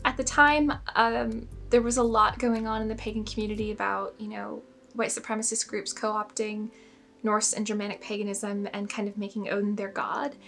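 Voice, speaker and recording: A woman's voice: medium pitch, level tone, moderate pace, creaky, a bit bright. A young woman telling a personal story in a casual vlog, chatty and self-mocking, full of "like" fillers. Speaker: spiritual storyteller.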